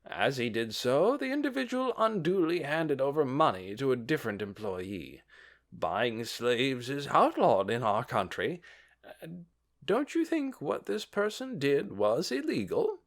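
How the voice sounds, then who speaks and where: A man voicing a pushy, self-righteous male official who talks in a loud, blustering, overeager way in an audiobook. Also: mid-range voice, big pitch swings, a little slow, voice pushed up. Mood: pressing.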